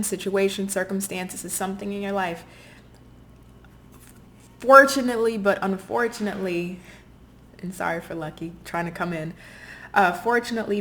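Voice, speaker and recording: A woman's voice: mid-range voice, a bit bright. A woman giving a heartfelt tarot reading, earnest and apologetic, circling back to repeat her phrases. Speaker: tarot reader. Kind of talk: intuitive tarot reading to camera.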